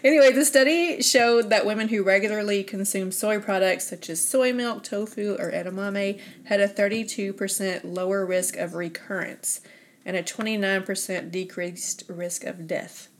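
A woman's voice: mid-range voice, normal speed, a little hiss or hum. A woman in casual conversation who reads out study results and often chimes in with short agreements. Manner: frequent short agreements, reads figures aloud. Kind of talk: casual chat, reading study summaries.

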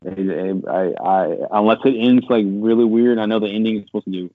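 A deep-voiced man rattles off his thoughts at speed, cursing freely and getting worked up as he rambles. The sound is thin and tinny like a phone line, and completely dry. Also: fairly quick, dry recording. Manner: swears a lot, rambling and animated when venting. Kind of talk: casual gaming chat.

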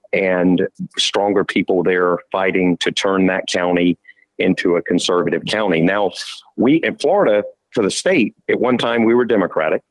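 A man's voice: low-pitched, dry recording, low-quality recording. A man hosting a radio talk show, asking long, rambling questions in a folksy, conversational way. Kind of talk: radio interview.

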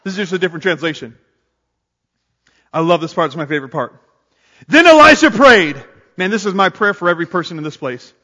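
High bright-voiced preacher in a reverberant hall. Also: male voice, a little fast, pauses often. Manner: energetic, calls on the congregation to respond. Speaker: pastor. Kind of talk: sermon. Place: church sanctuary. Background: congregation responding.

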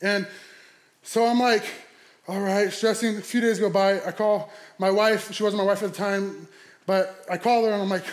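A young adult man, a pastor, telling a comic story in a sermon, animated and laughing as he goes. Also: high-pitched, a little fast. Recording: echoey hall.

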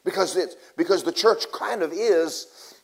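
A man preaching a sermon in a casual, folksy way, telling a story and swinging between loud bursts and hushed asides. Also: high voice, measured pace, creaky.

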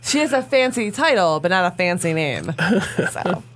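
A woman's voice: fairly low pitch, moderate pace, a little hiss or hum. A woman co-hosting a podcast, joking and laughing in casual chat. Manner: giggly, jokey, animated. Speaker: podcast co-host.

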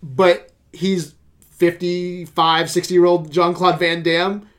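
A man's voice: sits high, takes it slowly. A man hosting a casual podcast chat, retelling a show scene by scene with lots of swearing. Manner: animated storytelling with swearing and laughs. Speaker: podcast host.

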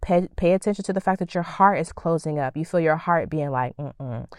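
A low-pitched woman hosts a faith-based motivational podcast, animated and preacherly, acting out quoted thoughts with playful sass. She talks a little fast, and the recording is close and dry with no room sound.

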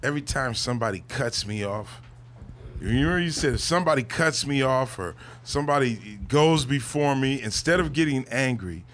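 A man's voice: mid-range voice, lively intonation, normal speed, fairly bright tone, a little hiss or hum. A man chatting animatedly, laughing along with the others. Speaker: guest comedian. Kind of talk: casual chat.

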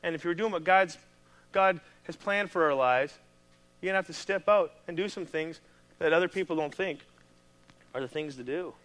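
Bright-voiced Midwestern pastor preaching. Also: male voice, fairly high pitch, moderate pace, long pauses. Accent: Midwestern American. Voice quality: conversational, animated preaching with restarts. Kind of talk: sermon.

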